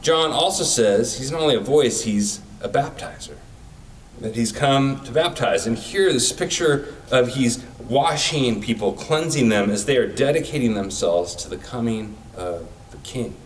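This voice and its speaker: A man's voice: medium pitch, expressive, normal speed, recorded from a distance, slight background noise, low-quality recording. A man giving a sermon in a casual, conversational way, using everyday comparisons. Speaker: preacher.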